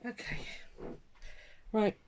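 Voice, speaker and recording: Speaking very slowly in a darkish voice, a woman chats about her crafting in a rambling vlog, letting thoughts trail off and restarting them amid many ums. A faint hiss or hum is audible.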